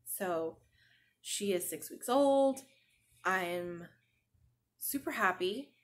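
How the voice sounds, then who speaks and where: A woman's voice: mid-range voice, lively intonation, drawn-out words. Chatty woman podcast host. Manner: chatty, rambling, peppered with "like". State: sleep-deprived new mother. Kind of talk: casual chat.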